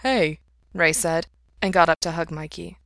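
A woman reading fiction aloud in a calm, plain narration. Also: on the low side, moderate pace, creaky, no room sound, studio quality. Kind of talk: audiobook-style fiction reading.

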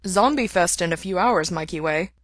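A woman voicing a steady, earnest young man with an even manner. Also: on the low side, moderate pace, dry recording, clean studio sound.

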